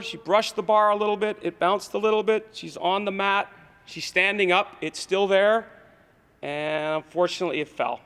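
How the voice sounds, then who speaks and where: A man's voice: high voice, fairly bright tone. A man coaching at a school awards ceremony, giving a rambling speech full of fillers and restarts. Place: school gym or auditorium. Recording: echoey hall.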